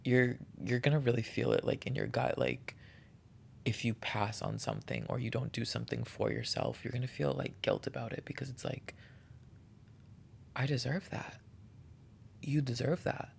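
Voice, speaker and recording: A man's voice: medium pitch, lively intonation, moderate pace, gravelly, a little hiss or hum. A man hosting a solo podcast, talking in an earnest, heartfelt and encouraging way, often restarting his sentences. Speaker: podcast host. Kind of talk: reflective solo podcast monologue.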